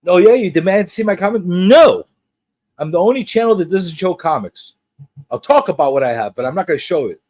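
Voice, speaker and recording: A man hosting a casual pop culture livestream, teasing his guest and chatting in an animated way. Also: fast talker, no echo. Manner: animated and teasing, jumps between high and low.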